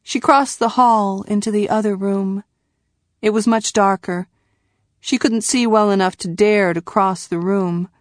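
Slow, measured woman narrator. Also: mid-range voice, steady tone, no echo, clean studio sound. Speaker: audiobook narrator. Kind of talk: scripted narration.

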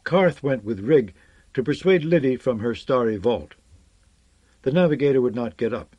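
A man narrating a science fiction novel in a measured, expressive reading. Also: mid-range voice, dry recording. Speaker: audiobook narrator.

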